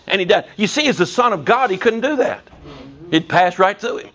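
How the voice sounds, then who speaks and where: In a church before a congregation, a man preaches a sermon with a high-pitched, expressive, brisk, and somewhat bright voice on lo-fi audio. He tells folksy stories and now and then rises into sudden emphatic bursts.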